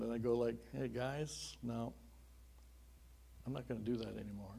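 Middle-aged man, pastor giving a sermon as testimony; conversational, earnest, dark mellow tone. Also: mid-range voice, moderate pace, vocal fry, long pauses, breathy edge. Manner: earnest and conversational, with chuckling asides.

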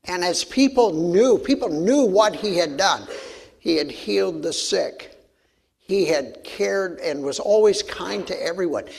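A male pastor delivers a sermon, moving from scripture reading into a folksy story. His voice sits a little high for a man, and he restarts his sentences and adds fillers as he goes. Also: lively intonation, a little slow, gravelly, darkish tone, slightly rough.

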